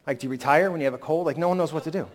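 Still recovering from a cold that won't quite go away, this male pastor delivers his sermon in a frank, conversational style. His voice runs on the high side and races along, now and then surging into abrupt emphasis.

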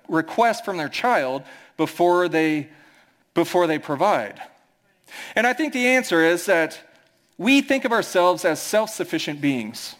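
A man's voice: high voice, a bit bright. A male pastor with a Midwestern American accent, preaching a conversational sermon and acting out quoted voices.

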